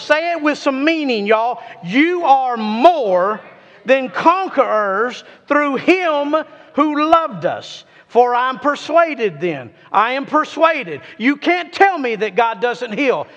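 A man preaching a sermon, reading scripture with emphatic, drawn-out stresses and calling on his congregation to repeat after him. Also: very high voice, fairly bright tone, highs cut off. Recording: long reverb of a large hall.

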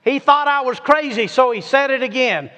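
A man preaching a sermon, reading scripture with emphatic, drawn-out stresses and calling on his congregation to repeat after him. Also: extremely high pitch, bright, forceful tone, clean tone. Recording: long reverb of a large hall.

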